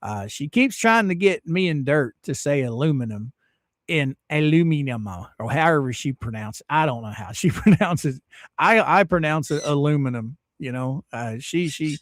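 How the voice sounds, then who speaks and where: Animated, chatty male livestream host. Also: mid-range voice, normal speed, dry recording, clean studio sound. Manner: chatty, laughs often, animated rises. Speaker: livestream host reading chat. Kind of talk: casual livestream chat. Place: home streaming setup.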